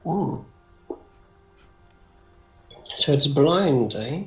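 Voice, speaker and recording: A man playing in a tabletop game over voice chat, deliberate and hesitant as he works out his moves. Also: on the high side, lively intonation, highs cut off, faint music behind. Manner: slow, deliberate, hesitant with fillers. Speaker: player. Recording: echoey room on voice-chat mic.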